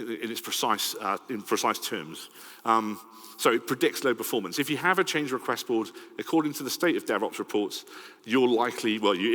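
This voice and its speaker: A middle-aged man with a Welsh accent giving a lively, conversational conference talk and often checking in with "right?". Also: lowish voice. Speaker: conference speaker. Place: large conference hall. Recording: long hall reverb.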